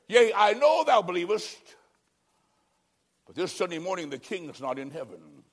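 A man preaching a sermon in an emphatic, dramatic way, swinging from loud declarations down to a near hush and acting out quoted figures in his own voice. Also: high voice. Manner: emphatic, dramatic delivery with sudden drops to a hush.

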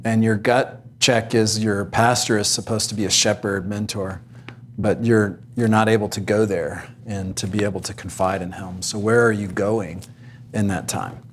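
A man's voice: fairly low pitch, steady tone, normal speed, a little hiss or hum. A man, a pastor, candidly sharing a personal story of hardship on a Christian panel. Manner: candid, reflective.

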